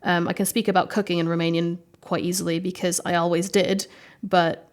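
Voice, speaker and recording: A woman from the United States with an American accent softened by British intonation, speaking as an interview guest in a chatty way with many fillers. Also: lowish voice, little pitch movement, fairly quick. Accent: American with British-influenced intonation. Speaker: guest, legal expert. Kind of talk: conversational interview.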